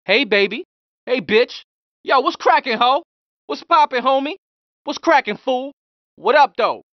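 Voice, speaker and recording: Cocky street criminal, high lively delivery, dry dull game sound. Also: male voice, a little slow, no echo. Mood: casual greeting. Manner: slangy trash talk, threatening. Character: young male street criminal, brash and hostile. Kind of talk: game pedestrian voice lines.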